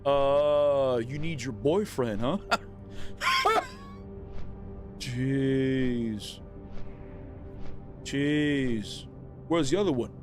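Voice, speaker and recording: A man's voice: medium pitch, extremely slow, pauses often, over music. A man streaming a live game, chatting casually and teasing the players he fights. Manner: playful, taunting, talks to enemy players. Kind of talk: live gameplay commentary.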